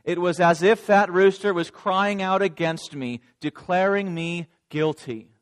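A man's voice: sits high, unhurried. A man playing a remorseful disciple. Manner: dramatic first-person storytelling. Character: remorseful adult male disciple recounting denial. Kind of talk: first-person dramatic monologue.

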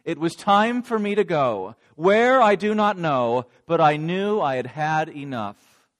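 A man's voice: on the high side, lively intonation, measured pace, a bit bright. A man playing a remorseful disciple. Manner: dramatic first-person storytelling. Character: remorseful adult male disciple recounting denial. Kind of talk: first-person dramatic monologue.

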